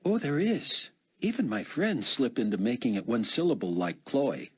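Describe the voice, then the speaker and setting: A man voicing a teasing young woman college student, bright and quick-witted. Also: mid-range voice, wildly swooping pitch, slightly rough, pitched above the performer's own voice. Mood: playful.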